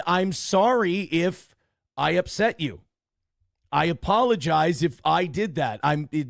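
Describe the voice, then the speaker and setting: A man's voice: a little high, creaky, no echo, studio quality. A man hosting a casual livestream, rambling and repeating hedged apologies to his chat. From Minnesota. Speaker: livestream host.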